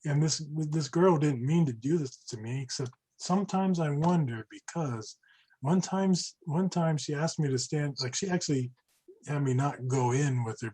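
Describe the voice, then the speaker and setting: A man's voice: mid-range voice, darkish tone, breathy edge, low-quality recording. A young man chatting casually on a podcast, rambling and restarting his sentences often. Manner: rambling, self-interrupting, frequent restarts.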